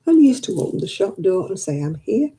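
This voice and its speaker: A woman's voice: mid-range voice, very animated, quick pace, mellow, rough recording. An older woman, chatting casually with live viewers and grumbling in an exasperated way. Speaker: live streamer.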